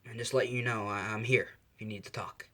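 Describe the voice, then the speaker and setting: A man voicing an adult male hero teacher who is guarded but caring, halting and repeating his words, in a fan storytelling video. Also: on the low side, fairly even intonation, sharp tone. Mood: earnest.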